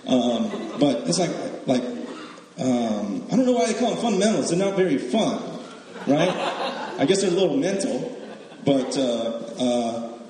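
A man's voice: on the high side, sing-song, moderate pace, mellow. Guy preaching a sermon kinda casual, cracks jokes, keeps asking right?, sounds like a big reverby hall. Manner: conversational and joking, tags lines with "right?". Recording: echoey hall with long reverb.

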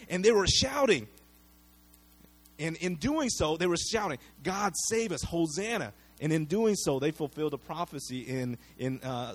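Animated, conversational man preaching. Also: high-pitched. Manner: conversational, animated storytelling with acted-out quotes; frequent fillers and repeated words. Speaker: pastor. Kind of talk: sermon.

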